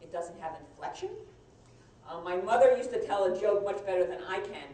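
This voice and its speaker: A woman's voice: medium pitch, expressive, mellow. Woman lecturing in an echoey room. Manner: conversational, halting, frequent restarts. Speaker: outside compliance lawyer giving training. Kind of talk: live compliance training talk. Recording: echoey room, mic far off, faint noise.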